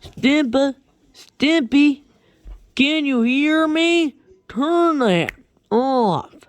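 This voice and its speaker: A woman voicing a bossy cartoon horse who calls out loudly. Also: high-pitched, lively intonation, extremely slow, no room sound, voice pushed up, exaggerated voice. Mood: calling out.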